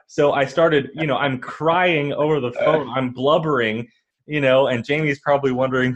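A man's voice: mid-range voice, steady tone, normal speed, muffled recording. Chatty man telling a personal story. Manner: rambling, full of fillers and restarts. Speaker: podcast co-host.

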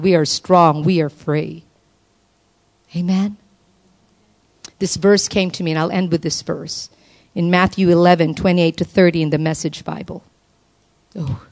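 Impassioned woman preaching a sermon. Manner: impassioned, swings from soft and low to high exclaiming calls. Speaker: preacher at a women's conference.

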